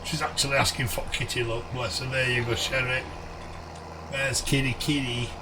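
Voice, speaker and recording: Chummy man streaming a game, slightly hoarse. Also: mid-range voice, flat delivery, fast talker, far from the mic, background noise. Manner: chummy, greets viewers by name. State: voice going a bit hoarse. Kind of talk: live game stream, reading chat.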